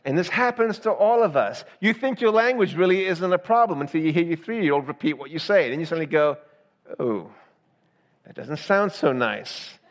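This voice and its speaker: A man with a fairly high voice preaches to his congregation in a chatty, conversational way. He keeps checking in with the listeners with "right?". His voice rings out in a long reverb from a large church hall. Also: expressive, fast talker, hardly any pauses. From Southern United States. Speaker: pastor. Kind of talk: sermon.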